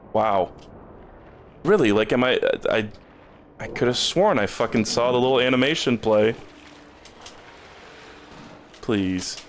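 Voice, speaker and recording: Low-voiced man rambling over gameplay. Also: fairly bright tone, slight background noise. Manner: rambling, stumbles and repeats words when puzzled. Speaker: streamer. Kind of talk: casual gameplay commentary.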